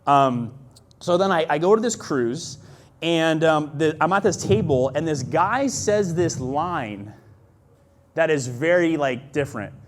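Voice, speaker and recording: A young man casually telling a personal testimony, animated and full of fillers, acting out the voices he quotes. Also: on the high side, unhurried, slight background noise. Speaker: storyteller sharing a personal testimony.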